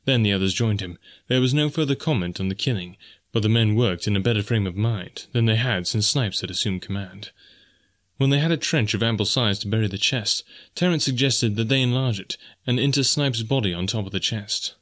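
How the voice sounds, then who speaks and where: A male audiobook narrator telling an adventure story. His voice sits low, and he keeps a measured, even storytelling pace.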